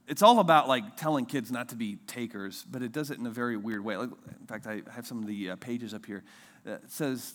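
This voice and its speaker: A man in his thirties, a pastor, giving a conversational sermon and acting out quoted voices with big leaps in pitch. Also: a bit bright.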